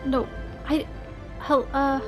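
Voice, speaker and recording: A woman livestreams a video game, sounding anxious as she swears, talks to herself and thanks her viewers. Her voice is high and level, her pace slow, with faint music in the background.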